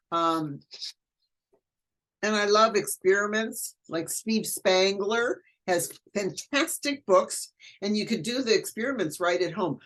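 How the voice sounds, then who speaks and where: Older woman, animated storyteller. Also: lowish voice. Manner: animated storyteller, acts out quoted voices. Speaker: guest educator. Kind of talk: casual interview chat.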